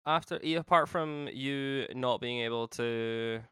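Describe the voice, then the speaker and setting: A man's voice: medium pitch, a little slow, fairly bright tone, clear, resonant tone, no room sound. A young man co-hosting a podcast in casual chat, teasing his co-host with dry sarcasm.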